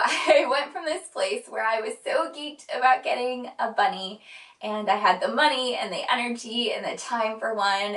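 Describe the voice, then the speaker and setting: A woman's voice: medium pitch, fairly bright tone. A young woman vlogger talking casually and earnestly, with frequent fillers. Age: young adult. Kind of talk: casual chat. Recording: roomy sound from a distant mic.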